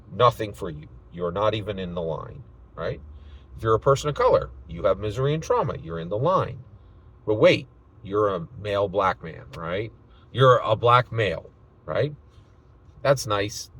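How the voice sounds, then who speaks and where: A man's voice: lowish voice, breathy edge, poor audio. A man talking casually to the camera about politics in a loose, rambling way, often tagging his lines with "right?". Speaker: political vlogger. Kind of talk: casual monologue commentary.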